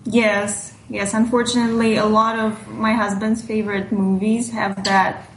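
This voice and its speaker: A woman's voice: medium pitch, level tone, a little slow. A woman who serves as a language coach, speaking politely and matter-of-factly on an interview panel. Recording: roomy echo with faint background noise.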